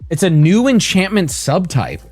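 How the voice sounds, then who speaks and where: A male streamer opening card packs live and reading the cards aloud, excitable and profane. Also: sits high, moderate pace, over loud music.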